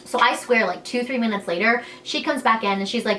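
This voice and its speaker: A woman's voice: fairly high pitch, brisk, few pauses, pushed and bright, a little hiss or hum. Chatty young woman telling a story. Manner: chatty and frank, heavy use of "like" and "you know", quoting others in turn. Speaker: vlogger telling her birth story. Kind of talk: candid storytime vlog.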